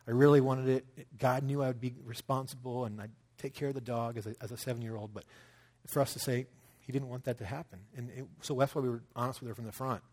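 A man's voice: medium pitch, steady tone, fast, a little mellow. A man in his thirties telling a personal story in a conversational sermon, acting out quotes as he goes. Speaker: pastor.

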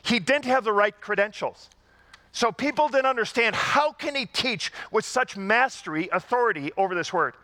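Guy pastor giving a sermon, high bright voice, chatty, asks the crowd stuff, repeats for punch. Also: expressive, moderate pace, dry recording. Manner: conversational preaching, rhetorical questions, emphatic repetition.

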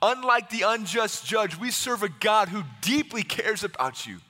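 A man's voice: high voice, sing-song, moderate pace, pushed and bright, faint music behind. A man preaching a sermon with passion, repeating himself and acting out the voices of Bible figures. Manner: impassioned, repetitive, acts out the voices of Bible figures. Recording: long hall reverb.

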